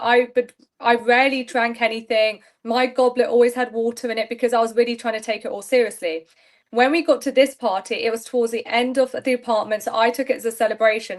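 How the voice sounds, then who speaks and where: A young woman, chatting candidly as an interview guest on a video call, laughing often. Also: fairly high pitch. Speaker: reality show contestant guest. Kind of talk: casual interview chat.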